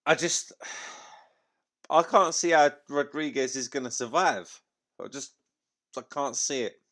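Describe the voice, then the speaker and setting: A man's voice: mid-range voice, unhurried, pushed and bright. A man hosting a live fight watchalong, chatting casually, swearing freely and using lots of slang. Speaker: livestream watchalong host.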